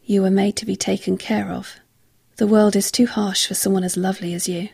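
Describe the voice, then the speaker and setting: A smooth, insistent suitor who speaks in calm, coaxing tones, as a woman reads him aloud. The voice is husky with a gravelly edge and a dark, mellow colour, in a storybook reading. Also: mid-range voice, brisk. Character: smooth possessive rich man, unsettling suitor.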